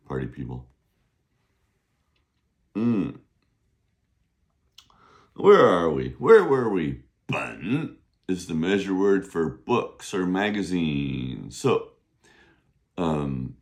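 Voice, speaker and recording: A man teaching Mandarin in a casual online lesson, joking around, spelling out words and drawing them out slowly for learners to repeat. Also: low-pitched, very animated. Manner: playful, jokey, sings to himself; slow, drawn-out model pronunciation. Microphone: camera on a desk.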